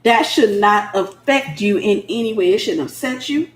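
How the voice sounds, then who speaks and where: A woman's voice: medium pitch, normal speed. A middle-aged woman, preaching informally to single women in a blunt, sassy way and acting out the voices she quotes. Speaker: minister speaking to single women.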